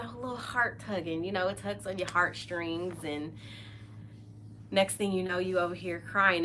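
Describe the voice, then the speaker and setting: A woman's voice: lowish voice, pushed and bright, slight background noise. A middle-aged woman hosting a podcast, chatting casually and openly, often laughing and trailing off mid-sentence. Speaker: podcast host. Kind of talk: casual chat.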